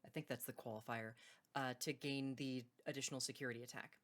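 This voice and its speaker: A woman with a rumbling low, slightly bright voice hosts a card game video, speaking quickly and steadily in a casual, unscripted intro. She's a card game video host and tournament judge who rambles, corrects herself mid-sentence, and laughs between points. She's hiccuping as she talks.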